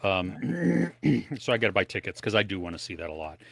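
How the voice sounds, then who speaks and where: A man with a lowish voice hosts a casual live podcast stream, rambling between topics and snacks. The sound is dry and close, with no room in it. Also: big pitch swings, a little fast, gravelly, a bit bright, dry recording. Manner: rambling, tries snacks on air. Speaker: podcast co-host. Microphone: home office setup.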